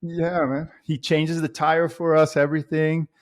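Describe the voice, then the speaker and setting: A man's voice: a little high, little pitch movement, a little slow. A man chatting casually as a podcast guest, rambling with lots of fillers and restarts as he tells a story.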